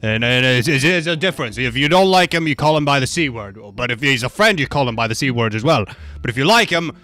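A man's voice: medium pitch, expressive, fast talker, pushed and bright, no room sound. A man doing joking, profane gameplay commentary, rambling and goofy as he plays. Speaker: gaming YouTuber.

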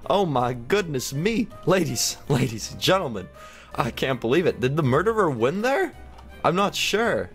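A young man narrates his gameplay with a lively, swooping voice that leaps into high excited shouts. He is sick with a headache but keeps up the energy. Faint game music plays behind him. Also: moderate pace. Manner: animated, jumps into sudden high excited shouts. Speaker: gaming YouTuber.

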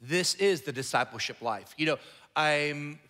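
Middle-aged male pastor, bright and forceful, chatty and joking; long echo of a big church. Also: on the high side, a little slow. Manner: conversational, joking, acts out the Bible characters. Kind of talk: sermon. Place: church sanctuary. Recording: echoey hall, long reverb.

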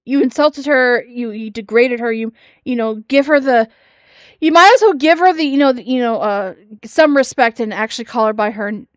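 A woman's voice: on the high side, moderate pace, no room sound, dull audio. Sassy woman doing reaction commentary. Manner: sassy, mocking. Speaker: commentary YouTuber.

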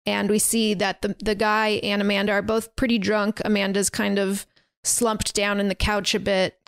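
A woman's voice: mid-range voice, flat delivery, moderate pace, vocal fry, clear, resonant tone, no room sound. A woman hosting a podcast, casually retelling a horror film's plot in a chatty way with many fillers and restarts. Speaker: podcast host. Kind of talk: casual movie recap.

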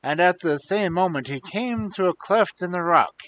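Expressive man reading a fairy tale. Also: high-pitched, moderate pace, slight background noise, rough recording. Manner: expressive, dry wry asides. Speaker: storyteller.

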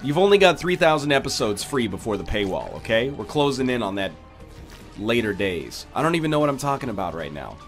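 Congested, animated gamer man. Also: mid-range voice, a little fast, faint music behind. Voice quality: nasal, congested. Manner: rambling, jokey, tangent-prone. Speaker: gaming YouTuber. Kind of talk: let's play commentary.

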